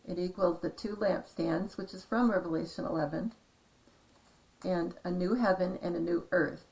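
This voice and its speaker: Slow gravelly-voiced woman rambling. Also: on the low side, poor audio. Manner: meandering, hesitant, trails off into asides. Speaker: conspiracy decoding vlogger. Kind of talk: rambling casual monologue.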